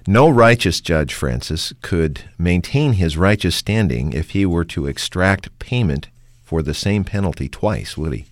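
A man hosting a radio discussion of a sermon with a polished, announcer-like delivery. His voice sits very low, and the recording is dry and close. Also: lively intonation, measured pace, dry recording. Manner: polished, announcer-like, leading questions. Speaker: radio program host.

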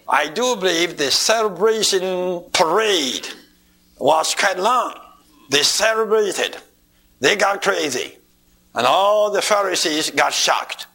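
A man preaching a sermon, telling the story in a deliberate, emphatic way, from an archival recording. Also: high-pitched, pushed and bright. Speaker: Bible teacher.

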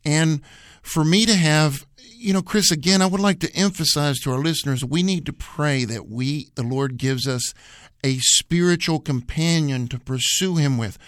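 Emphatic higher-pitched male Bible teacher. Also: moderate pace, fairly bright tone, no room sound, studio quality. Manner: emphatic, repetitive, preacherly. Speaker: radio Bible program co-host. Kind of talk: earnest teaching conversation.

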